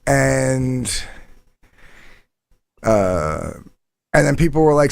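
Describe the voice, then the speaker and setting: A man's voice: animated, slow, gravelly, long pauses, no room sound. A man telling a long, rambling story in casual, profane chat, often quoting others. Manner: rambling, profane, quotes others in lowered voices.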